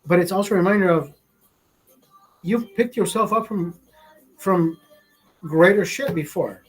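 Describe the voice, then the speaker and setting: Husky-voiced man rambling emotionally. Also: high voice, measured pace. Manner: rambling, heavy swearing, self-talk. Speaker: streamer. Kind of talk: emotional livestream monologue.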